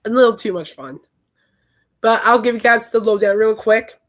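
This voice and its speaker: A woman podcast host, hoarse from singing, talking in a chatty, emphatic and indignant way. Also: fairly high pitch, moderate pace. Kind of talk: casual chat.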